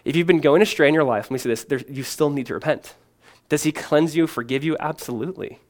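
A man preaching a sermon as pastor, earnest and emphatic, posing questions and answering them, moving between strong proclamation and hushed, conversational asides peppered with "man.". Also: fairly high pitch, quick pace.

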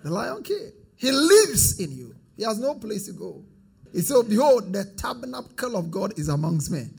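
A man's voice: high voice, very animated, normal speed, creaky, a little mellow, husky. A man preaching a sermon as pastor, drifting into a sing-song cadence and calling for the congregation to repeat after him.

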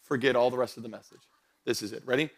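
A young adult man, a pastor, preaching a sermon to his church, building to loud emphatic passages and joking with the congregation. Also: mid-range voice, steady tone, quick pace. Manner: jokes with the congregation. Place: church stage before a congregation.

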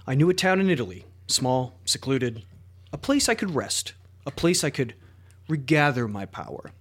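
A man's voice: medium pitch, animated, normal speed, a bit bright, slightly rough. A man putting on a Russian accent to voice a solemn, brooding old mystic prophet in a dramatic podcast reading. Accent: put-on Russian.

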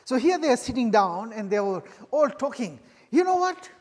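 A man preaching a sermon with a personal testimony, earnest and halting, often restarting and repeating his phrases. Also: very high voice, big pitch swings, darkish tone, in a large hall.

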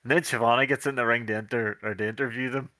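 A man co-hosting a podcast, retelling wrestling shows in sweary, animated casual chat. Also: mid-range voice, fast talker, no room sound. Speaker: podcast co-host.

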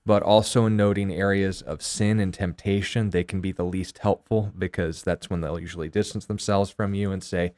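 A man answering a viewer's Bible question in a measured, explanatory way on a talk show. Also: fairly low pitch, darkish tone, dry recording, clean studio sound.

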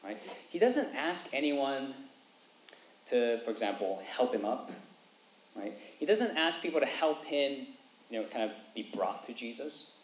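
A man's voice: medium pitch, lively intonation, measured pace. A man preaching a sermon in an earnest way, checking in with his listeners by asking "okay?" and "right?", and rising sharply in voice when he quotes a cry for mercy. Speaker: pastor. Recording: echoey room with faint background noise.

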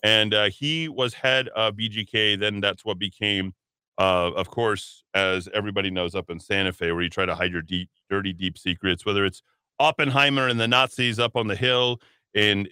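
A man's voice: lowish voice, pushed and bright, clean tone, dry recording. A man hosting a talk radio show, rambling and sardonic, with many fillers and asides. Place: radio studio.

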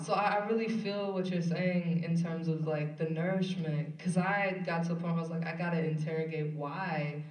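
A poet telling a story in a casual, animated way, laughing and swearing now and then, recorded live at a college event. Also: mid-range voice, moderate pace, few pauses. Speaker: podcast poet. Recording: echoey room, far from mic.

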